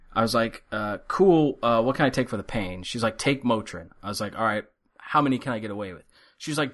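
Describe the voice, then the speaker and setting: A man's voice: medium pitch, very animated, moderate pace, a bit bright. Wry middle-aged man telling a story. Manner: wry, sarcastic storyteller acting out quoted dialogue. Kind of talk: casual storytelling chat. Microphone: headphones and studio mic.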